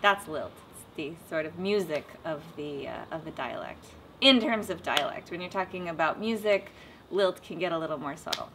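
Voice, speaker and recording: A woman being interviewed about her travels and voice work, talking in an animated, self-mocking way and slipping into short sung demonstrations. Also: low-pitched, moderate pace, noisy background. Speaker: interviewee, voice actor and dialect coach. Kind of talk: casual interview with playful demonstrations.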